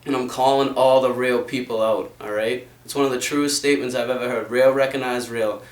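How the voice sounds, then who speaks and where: A man's voice: medium pitch, fairly even intonation, brisk. A young man delivering an impassioned, profanity-laced rant to the camera in a fervent, preachy way. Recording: roomy sound from a distant mic.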